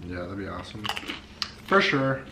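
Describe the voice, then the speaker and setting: A man's voice: lowish voice, very animated, moderate pace, echoey room, background noise. A young man chatting casually on a family vlog, hesitant with many fillers. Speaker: vlogger's husband. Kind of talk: casual chat.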